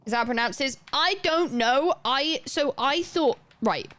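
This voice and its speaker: A woman's voice: high-pitched, normal speed, a bit bright, no room sound. A young woman livestreaming a game, chatting casually and rambling as she plays and talks to her chat.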